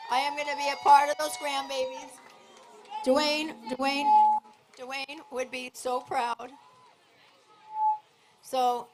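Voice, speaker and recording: A middle-aged woman giving a rambling, emotional memorial speech, at times raising her voice. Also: on the high side. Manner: emotional, rambling, sometimes shouting. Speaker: memorial speaker. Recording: noisy live event.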